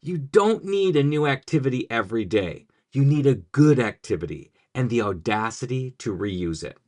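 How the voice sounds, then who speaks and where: A man's voice: mid-range voice, expressive, moderate pace, darkish tone. A man giving a scripted, upbeat explainer on language teaching, with a punchy, jokey delivery.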